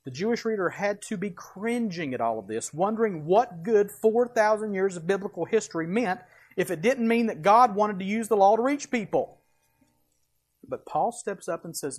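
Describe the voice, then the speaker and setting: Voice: medium pitch, expressive, normal speed, husky. Emphatic preacher teaching verse by verse. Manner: emphatic, asks rhetorical questions and answers them; folksy asides. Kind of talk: expository sermon with slides.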